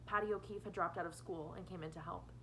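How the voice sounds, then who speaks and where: A woman's voice: on the low side, fairly even intonation, quick pace, pushed and bright, slight background noise, poor audio. A woman teacher reading a novel aloud to her students, changing her voice for each character.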